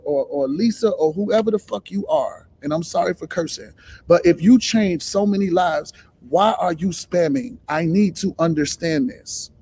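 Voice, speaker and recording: A man hosts a live stream, giving a blunt, profane motivational talk and firing off rhetorical questions. His voice sits high, with a husky quality and a darkish tone.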